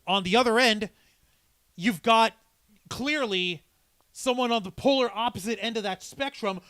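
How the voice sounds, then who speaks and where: A man's voice: high voice, moderate pace, pushed and bright, smooth, no echo. A man co-hosting a live geek-news chat, rambling and emphatic, swearing freely. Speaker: podcast co-host. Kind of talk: casual live-stream chat.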